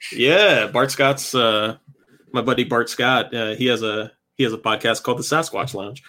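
A podcast co-host on a late-night stream chats casually, laughing and rambling about beer as he tastes beer and food. He has a mid-range voice at a moderate pace.

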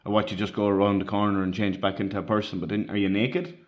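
A young man with an Irish accent chatting loosely, full of "like" and half-finished thoughts. His voice sits a little low. The recording is dull and lo-fi. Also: little pitch movement, fast. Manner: rambling, filler-heavy, easily amused. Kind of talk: casual chat.

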